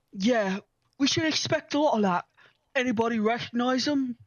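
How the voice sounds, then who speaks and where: A woman's voice: on the high side, no room sound, highs cut off. A woman co-hosting a podcast, joking and giggling in casual chat. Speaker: podcast co-host. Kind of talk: casual chat and story reading.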